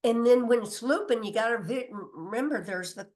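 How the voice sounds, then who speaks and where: A woman delivers an informal spiritual teaching in a fairly quick, high-leaning voice with a darkish tone. She's chatty and emphatic, laughs often and curses mildly, sometimes losing her place and starting over or reading from notes.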